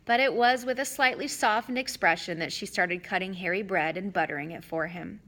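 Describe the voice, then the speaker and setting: A woman narrating a children's fantasy novel in an expressive reading voice. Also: mid-range voice, fairly quick. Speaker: audiobook reader. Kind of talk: storybook narration.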